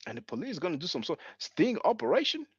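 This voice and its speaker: Animated French-accented man in his forties. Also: on the high side, very fast, husky, no echo, lo-fi sound. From France. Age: 40s. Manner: animated, rhetorical questioning. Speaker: channel host. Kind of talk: live stream commentary.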